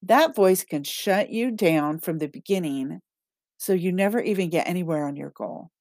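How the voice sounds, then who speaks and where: A woman hosting a casual solo podcast about self-talk, chatty and quick to laugh as she reads out listener comments. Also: on the low side, darkish tone, dry recording. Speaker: podcast host and manifesting coach.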